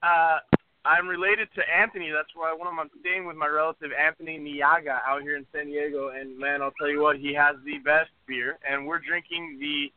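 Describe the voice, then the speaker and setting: A man's voice: fairly high pitch, fairly even intonation, fairly quick, no room sound. A man calling in to a show, talking in a playful, rambling, mock-indignant way. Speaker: caller. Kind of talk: joking call-in rant. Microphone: phone. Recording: tinny phone line.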